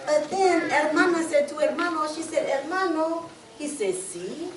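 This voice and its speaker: Animated woman storyteller for a children's audience, high voice, echoey room, mic far off. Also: fairly quick, slight background noise. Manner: animated, asks the audience to call out answers. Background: audience of children responding.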